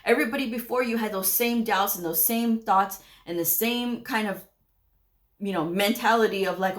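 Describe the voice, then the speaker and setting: A woman's voice: medium pitch, normal speed. A woman hosting a career advice channel, speaking bluntly and folksy to viewers in a scolding, direct-to-camera way. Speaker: medical coding channel host.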